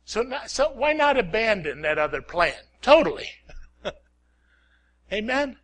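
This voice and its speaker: A man preaching a sermon, swinging from loud calls to hushed prayer, repeating lines and asking "Amen?". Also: sits high, sing-song, a little slow.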